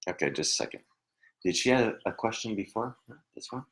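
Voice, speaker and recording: During a live online reading from his home computer, a male psychic medium sounds hesitant and apologetic, laughing often and trailing off into murmurs. His voice is on the low side, a bit bright, with lively intonation and a slightly fast pace.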